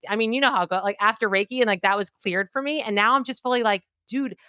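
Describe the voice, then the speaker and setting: Female guest, bright clear voice, chatty and expressive, dry close recording. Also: on the high side, rapid-fire, no echo. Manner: chatty, many "like" fillers, expressive quoting. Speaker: podcast guest, clinical nutritionist. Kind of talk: casual conversational interview.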